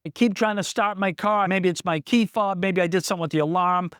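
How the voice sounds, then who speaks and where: A man's voice: sits high, fairly even intonation, brisk, fairly bright tone, clear, resonant tone, no room sound, studio quality. A man who runs a small business, telling a candid personal story in a vlog, plain-spoken and reflective. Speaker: small business owner in recovery.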